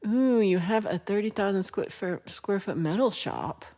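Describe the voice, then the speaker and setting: A woman's voice: mid-range voice, expressive, moderate pace, dark tone. A woman hosting a casual livestream, chatting, teasing and laughing as she reads viewer comments. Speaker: livestream host.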